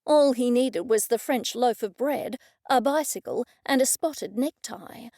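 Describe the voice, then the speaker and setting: A woman narrating a cozy mystery audiobook in first person, wry and even. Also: a little high, measured pace, no echo, clean studio sound.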